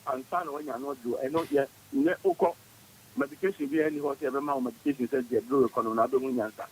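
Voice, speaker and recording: A man's voice: medium pitch, animated, quick pace, low-quality recording. A man joining a radio chat as a guest, rambling and laughing as he talks. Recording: radio broadcast with faint hiss.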